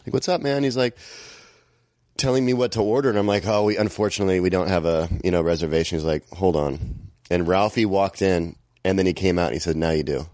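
A man's voice: deep voice, steady tone, fast, darkish tone, no echo, clean studio sound. A man who is a comedian, guesting on a podcast and telling rambling anecdotes full of fillers. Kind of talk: casual chat.

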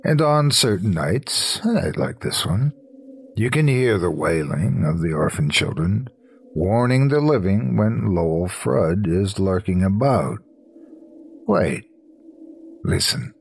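Slow gravelly male horror narrator. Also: lively intonation, slight background noise. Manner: slow, low and hushed storytelling. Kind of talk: scripted horror story narration.

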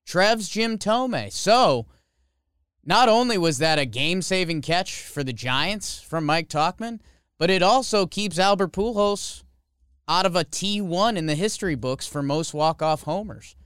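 Smooth-voiced man joking about baseball. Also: high voice, animated, a little slow, fairly bright tone, no room sound, clean studio sound. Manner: joking award presenter, playful emphasis. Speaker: podcast co-host. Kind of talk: casual sports chat.

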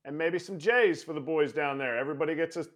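A man's voice: on the high side, fast. A man chatting casually on a podcast, teasing and giving mock coaching advice.

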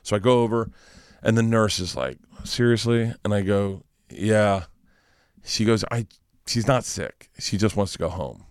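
A middle-aged man, a comedian guest, telling stories in an animated, profane way and acting out the voices, wired on too much coffee. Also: fairly low pitch, unhurried, clean tone, no echo, studio quality. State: over-caffeinated, rattling on. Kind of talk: casual storytelling chat.

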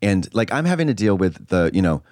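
A man's voice: low-pitched, a little fast, no echo, studio quality. A man co-hosting a comedic podcast, chatting in a camp, joking way. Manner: camp, animated, swooping jokes. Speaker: co-host. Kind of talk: comedic casual chat.

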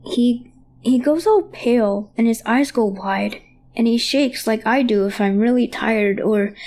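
Woman, horror story narrator, mellow dark tone, hesitant childlike telling. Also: a little high. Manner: childlike first-person storytelling with hesitant repeats.

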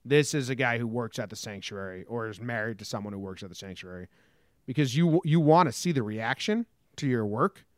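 A man co-hosting a podcast talks a little fast in a mid-range voice, recorded in a clean studio with no echo. In this casual comedic chat, he tells stories with lots of energy, swearing and acting out quotes.

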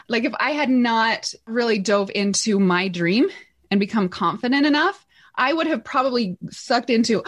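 Brief: middle-aged woman, upbeat podcast guest, quick laughs, voice on the high side. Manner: excitable, laughs often, acts out quotes. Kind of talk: energetic interview storytelling.

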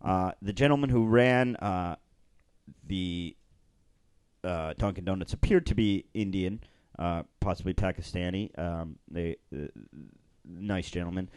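A man hosting a podcast, telling stories in a relaxed, rambling way with frequent fillers and restarts. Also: sits low, a little slow, clear, resonant tone, no room sound, studio quality. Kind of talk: casual chat, storytelling.

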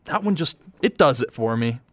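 A man's voice: mid-range voice, lively intonation, normal speed, a bit bright, dry recording. A man co-hosting a radio show, dropping wry reactions and jokes in casual banter.

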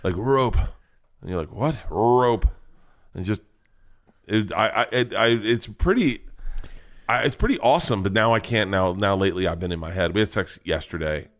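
A comedian guest in casual podcast chat, telling profane, rambling stories with many restarts and stammers. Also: male voice, low voice, lively intonation, normal speed, fairly bright tone.

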